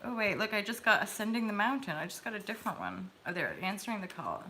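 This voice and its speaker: Brief: woman, host of a live tarot stream, bright and bubbly, giggly, chatty. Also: mid-range voice, very animated, fast, slight background noise. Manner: bubbly and giggly, talks straight to viewers. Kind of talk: casual chat.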